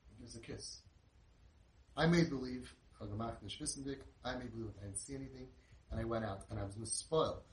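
A middle-aged man, telling an inspirational story in an animated way and sprinkling in Yiddish and Hebrew words. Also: medium pitch, moderate pace. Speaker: inspirational speaker. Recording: roomy, distant mic with faint noise.

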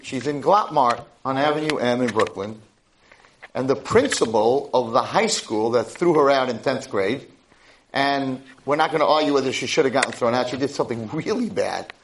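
A man, a rabbi, giving a Torah lecture with animated storytelling and acted-out voices. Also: mid-range voice, normal speed, noisy background. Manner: animated, acts out voices in stories. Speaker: rabbi and high school head.

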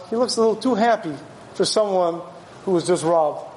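A man's voice: sits high, brisk, pauses often, roomy sound, a little hiss or hum, low-quality recording. A man who sounds like a rabbi, giving a sermon and telling stories with animation. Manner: animated storyteller acting out voices. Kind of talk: sermon with storytelling.

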